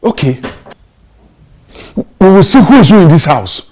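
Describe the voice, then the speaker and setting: An actor with a Nigerian accent playing a controlling, secretive father who turns threatening and shouts when crossed. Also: on the low side, lively intonation, moderate pace, slightly rough. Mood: menacing.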